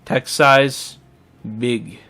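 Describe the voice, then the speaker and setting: Playing a game on his podcast, the co-host keeps things loose and jokey, rambling with fast side comments. His mid-range voice is expressive and has a sharp edge.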